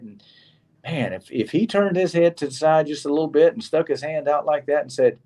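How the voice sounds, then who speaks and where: A man's voice: a little high, a little fast, mellow. A middle-aged man co-hosting a casual chat show, telling stories and acting out the people he quotes. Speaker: co-host.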